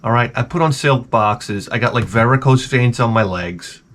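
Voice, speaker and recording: A man's voice: medium pitch, moderate pace, fairly bright tone. A man in his forties with a sarcastic, self-mocking manner, rambling through a comic story outdoors by his shed. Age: 40s. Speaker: vlogger. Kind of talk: rambling comedic monologue.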